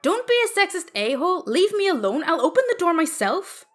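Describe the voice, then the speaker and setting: A woman's voice: fairly high pitch, lively intonation, normal speed, faint music behind. A woman voicing an indignant young female student who snaps defensively. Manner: sharp, defensive.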